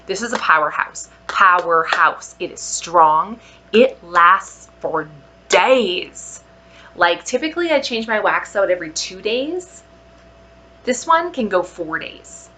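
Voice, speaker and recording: A woman vlogger giving a casual product review, gushing with drawn-out exclamations and soft whispered asides. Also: mid-range voice.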